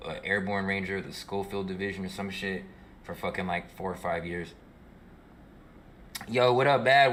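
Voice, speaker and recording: A man's voice: deep voice, fairly bright tone, slight background noise. A young male streamer telling a long story in a slangy, profane, rambling way while he plays. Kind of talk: casual storytelling while gaming.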